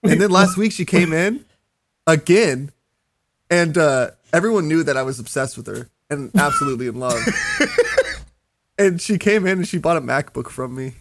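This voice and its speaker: A young man co-hosting a podcast, telling a story in a casual, animated way, laughing and swearing as he goes. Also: a little high, moderate pace, a little hiss or hum. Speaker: podcast co-host.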